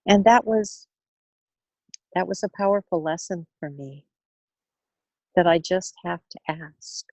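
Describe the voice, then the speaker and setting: A woman speaker on money wellness, telling a story in an earnest, gentle way and often repeating words as she goes. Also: on the low side, slow pace, dry recording, poor audio. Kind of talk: storytelling in a talk.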